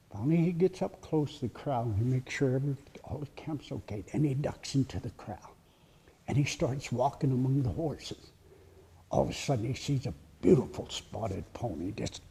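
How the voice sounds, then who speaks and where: A man telling a story live at a heritage center presentation, with dramatic pauses and drops to a whisper for suspense. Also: medium pitch, creaky, warm tone, breathy edge.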